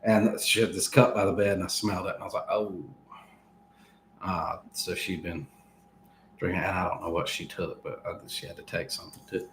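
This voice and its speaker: In casual chat, a man in his thirties tells a long story animatedly, laughing between lines and acting out what people said. His voice is low and brisk, recorded with a roomy sound and a little hiss or hum.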